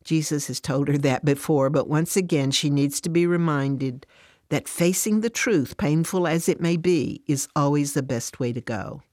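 A woman narrating a devotional story in a steady, measured way. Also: sits low, no room sound, clean studio sound.

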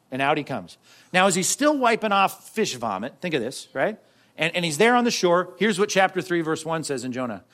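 A man with a higher-pitched voice preaching a sermon in a relaxed, conversational way. He often checks in with his listeners and slows down to stress quoted scripture. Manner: conversational preaching with frequent "right?" asides. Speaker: pastor.

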